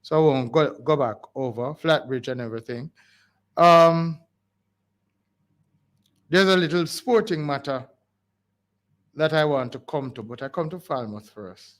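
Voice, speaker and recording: Jamaican radio host guy, bit high voice, rambles and pleads, lots of restarts. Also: expressive, unhurried, long pauses. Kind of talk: call-in community radio talk. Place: radio studio.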